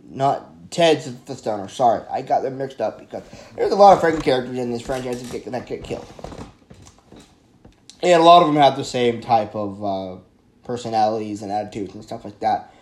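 A man reviewing a horror film in a casual, excitable, rambling way, often stumbling over his words and correcting himself. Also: mid-range voice.

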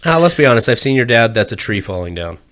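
A man's voice: mid-range voice, very animated, fast talker, a bit bright. A man co-hosting a podcast, joking bluntly and swearing constantly in casual chat. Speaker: podcast co-host.

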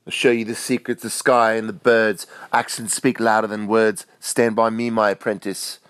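A man voicing a grand, mystical mentor figure who speaks in solemn, sing-song rhymes, pitched above his own voice. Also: little pitch movement, moderate pace, fairly bright tone, clean tone, dry recording, lightly acted. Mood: grandiose.

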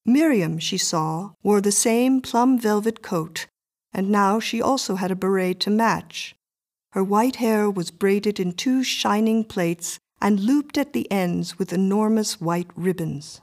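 A woman narrating a short story as an audiobook in a calm, measured way. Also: medium pitch.

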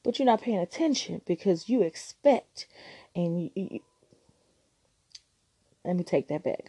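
A woman's voice: low-pitched, warm tone, slightly rough, dry recording. A woman hosting a relationship advice podcast, talking frankly and teasingly in a casual monologue.

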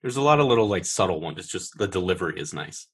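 A man's voice: sits low, animated, fast talker, a bit bright, husky. A man co-hosting a podcast, chatting casually about a film with loose, filler-heavy talk. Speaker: podcast co-host.

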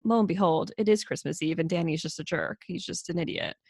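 A woman's voice: fairly low pitch, fast talker, gravelly, a little mellow, breathy edge, dry recording, studio quality. A woman in casual podcast chat, giggly and full of fillers, recounting a film's plot. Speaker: podcast co-host. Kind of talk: casual movie recap chat.

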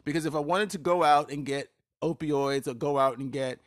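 A man's voice: on the high side, moderate pace, no room sound, clean studio sound. Blunt, profane man hosting a podcast. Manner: blunt and profane, with loose rambling restarts and fillers. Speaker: podcast host. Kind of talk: solo podcast monologue.

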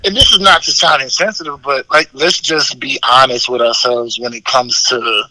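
A man's voice: mid-range voice, steady tone, moderate pace, sharp tone, no echo, poor audio. A man co-hosting a casual podcast chat, blunt and profane, laughing often. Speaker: podcast co-host.

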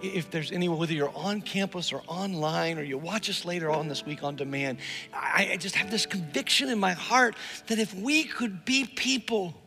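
A high-voiced preacher speaking at a moderate pace shares a story from the pulpit, acting out the people he quotes and repeating words to drive points home. His church hall holds a live crowd while others watch online, and the audio carries long reverb from the large hall plus faint music.

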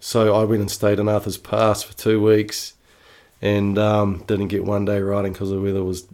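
Laid-back New Zealand man, low voice. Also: monotone, normal speed, darkish tone. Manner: laid-back, slangy, swears casually. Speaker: interview guest. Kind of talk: casual storytelling.

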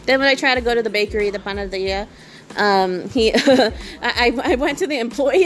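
A woman's voice: fairly high pitch, a little fast, faint music behind. A young woman telling a rambling story to the camera, full of fillers and frequent giggles. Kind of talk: casual storytelling.

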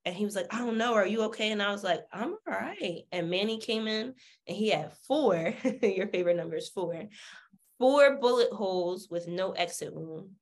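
A woman with a sassy, animated way of talking, a podcast guest telling her story candidly, swearing freely and acting out the people she quotes. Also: mid-range voice, normal speed.

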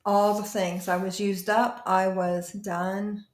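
A woman pastor telling her personal testimony in an interview, earnest and emotional, often halting and restarting. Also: medium pitch, level tone, reverberant.

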